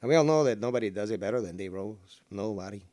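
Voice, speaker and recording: A man hosting a casual call-in livestream, rambling and sarcastic, cursing at his software. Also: fairly low pitch, lively intonation, fast talker, no echo. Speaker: livestream host.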